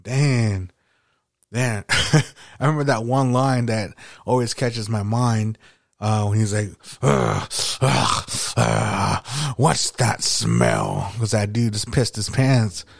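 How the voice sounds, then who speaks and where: A man's voice: mid-range voice, fairly even intonation, unhurried, no room sound, clean studio sound. A man hosting a podcast, chatting casually and nostalgically, rambling with lots of fillers and swearing. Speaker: podcast host.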